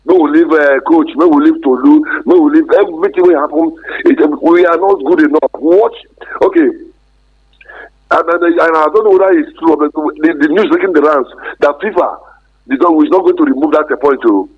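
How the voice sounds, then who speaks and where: Brief: husky male caller, slightly raised pitch, over a dull phone line. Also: a little fast.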